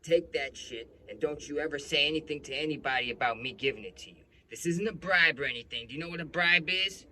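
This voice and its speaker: Guy doing a high-pitched yelling cop, crude and bullying, sharp-edged voice. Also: lively intonation, normal speed, slight background noise. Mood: defensive. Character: abusive, foul-mouthed adult male police officer.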